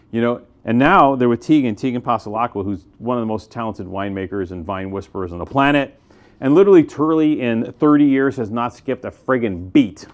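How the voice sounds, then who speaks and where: Male wine retailer, casual and excitable, mid-pitched voice, rambling review to camera. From United States. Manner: chatty, enthusiastic, with filler words and restarts.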